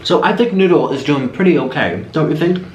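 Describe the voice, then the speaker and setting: A man's voice: on the high side, a little fast, dull audio. A young man hosting an eating video, telling stories in a chatty, rambling way while he eats, recorded on a camera mic. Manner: chatty, animated storytelling, rambling asides. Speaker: mukbang host. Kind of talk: casual chat while eating. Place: room at home. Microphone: camera's built-in mic, no separate mic. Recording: echoey room with faint hiss.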